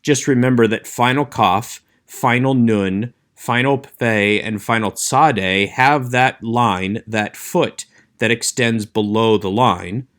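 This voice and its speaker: A man teaching an online Hebrew class, explaining letters in a clear, measured way and slowing down to demonstrate sounds. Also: mid-range voice, fairly bright tone. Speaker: Hebrew instructor. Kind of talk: recorded online lecture.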